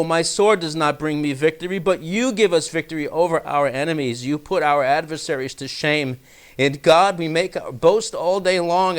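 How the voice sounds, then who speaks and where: An earnest man teaching a radio Bible study. He reads the verses with building emphasis, then sinks into quieter asides to explain them. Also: fairly high pitch, clear, resonant tone. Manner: earnest, openly gets riled up. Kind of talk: radio Bible study, reading scripture aloud.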